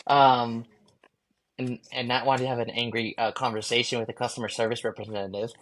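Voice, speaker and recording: A man, a guest on an interview show, telling his story candidly and profanely, acting out his own thoughts in lively bursts. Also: mid-range voice, a little fast, slight background noise.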